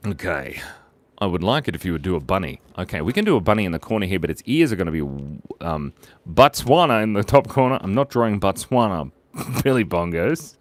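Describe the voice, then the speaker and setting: Deep-voiced playful man drawing live. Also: sing-song, fast talker. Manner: playful, chatty, reads out viewer suggestions. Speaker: host drawing live for viewers. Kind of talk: casual live drawing stream.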